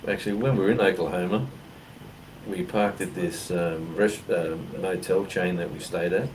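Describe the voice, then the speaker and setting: A man's voice: low voice, fairly even intonation, moderate pace. An Australian man co-hosting a casual chat, telling rambling stories with lots of fillers. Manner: rambling storyteller with many fillers. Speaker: co-host. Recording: distant mic with clear background noise.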